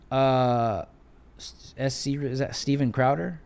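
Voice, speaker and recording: A man hosting a live political commentary stream, talking in an animated, repetitive and slangy casual way while reading viewer donations. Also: medium pitch, unhurried. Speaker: host of a live show.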